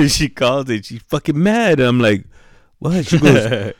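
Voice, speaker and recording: A middle-aged man tells stories in a casual chat, speaking slowly with a medium pitch and lively intonation. He is profane and laid-back, says "dude" and "bro" constantly, and acts out what people said, all in clean studio sound with no echo.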